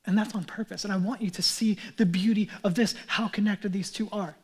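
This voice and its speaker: A man's voice: high voice, steady tone, fairly quick, husky. A man in his thirties, a pastor preaching a sermon in an earnest, conversational way with casual asides.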